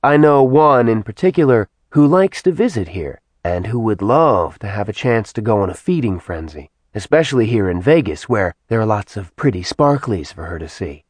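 A man voicing a teasing, quick-witted young woman. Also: on the low side, big pitch swings, dry recording.

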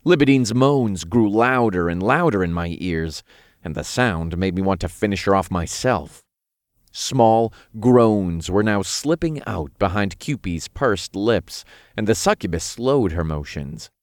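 A man reading a first-person story as narrator in an even, unhurried way. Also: fairly low pitch, dry recording, studio quality.

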